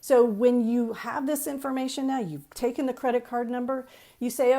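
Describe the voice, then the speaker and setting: A woman's voice: fairly high pitch, moderate pace. A woman coaching counselors on a live stream, chatty and emphatic, repeating key points and greeting viewers as she goes. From Texas. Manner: energetic, chatty, greets viewers mid-talk. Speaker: counseling trainer.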